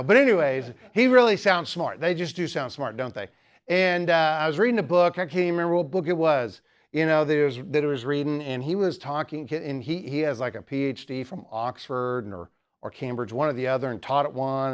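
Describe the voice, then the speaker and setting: A man giving a humorous teaching talk at a student apologetics club, rambling with many jokes and asides. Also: medium pitch.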